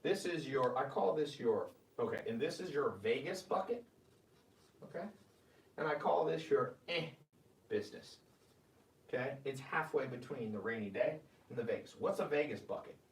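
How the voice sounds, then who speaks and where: A man's voice: medium pitch, lively intonation, moderate pace, reverberant, far from the mic. A man hosting a live-streamed money advice talk. He talks with energy and reads viewer comments aloud. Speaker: host.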